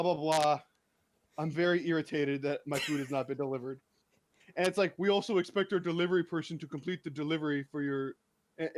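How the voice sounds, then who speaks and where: A young man ranting in casual chat as a streamer, exasperated and laughing as he tells his story. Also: a little high.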